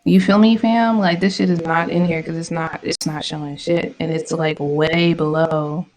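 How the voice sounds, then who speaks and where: A woman's voice: sits low, fairly even intonation, normal speed, a little mellow, faint music behind, rough recording. A woman vlogging her trades in casual live commentary, slangy and irritated, swearing often. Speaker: trading vlogger.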